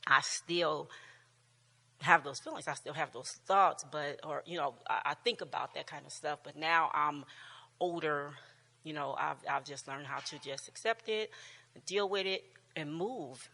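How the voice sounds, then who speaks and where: A woman in her sixties talks casually to a church class, laughing easily and tripping over her own sentences. Her voice is bright and a little tense. A long hall reverb trails behind her words. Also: sits low, a little slow. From United States. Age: 60s. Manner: chatty, laughing often, warm storytelling with many restarts.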